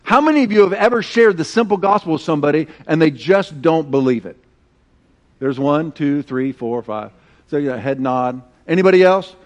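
A high-voiced middle-aged man preaching to a church congregation. He keeps the sermon animated and conversational. He often has the crowd repeat words back to him. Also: brisk. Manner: animated and conversational, leads call-and-response with the congregation. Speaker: pastor. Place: church sanctuary.

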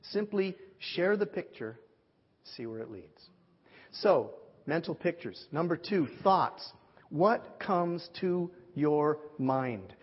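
A man preaching a sermon, telling a story in a lively way and acting out the voices of the people he quotes. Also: fairly high pitch, takes it slowly, slightly rough. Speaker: pastor. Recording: dull lo-fi audio with long hall reverb.

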